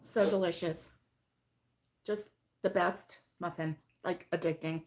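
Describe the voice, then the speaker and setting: A middle-aged woman hosting a casual crochet live stream, chatting with viewers by name and laughing often, her voice still hoarse from being sick. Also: lowish voice, fairly even intonation, takes it slowly, a little mellow. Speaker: crochet channel host.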